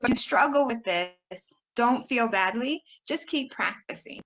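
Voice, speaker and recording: A woman's voice: fairly high pitch, animated, unhurried, fairly bright tone, low-quality recording. A young adult woman giving a conference workshop presentation, upbeat and demonstrating word sounds by exaggerating them.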